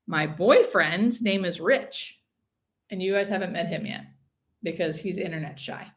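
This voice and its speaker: A woman's voice: on the low side, unhurried. Chatty woman hosting a live stream. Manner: chatty, reads out viewer comments. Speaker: hospice nurse and live stream host. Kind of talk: casual live stream chat.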